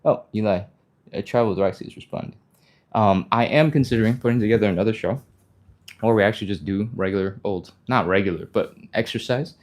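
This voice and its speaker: A man hosting a live stretching stream, talking fast and upbeat, laughing often as he walks viewers through each move. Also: on the low side, darkish tone. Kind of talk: live workout instruction.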